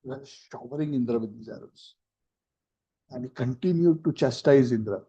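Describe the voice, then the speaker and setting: Warm-voiced man teaching a scripture class. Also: mid-range voice, moderate pace, breathy edge. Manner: storytelling with acted quotes and asides. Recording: dull lo-fi recording.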